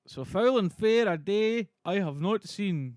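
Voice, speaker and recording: A man's voice: high-pitched, animated, unhurried, darkish tone, no room sound. A man reading the part of a proud warrior lord in his own voice, stumbling over the lines. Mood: plain.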